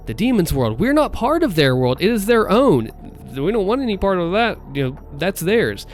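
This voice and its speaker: A man's voice: a little high, lively intonation, normal speed, faint music behind. A man who is a voice actor, enthusiastically breaking down and imitating the delivery of game voice lines. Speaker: voice actor and video host. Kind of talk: analytical commentary on game voice lines.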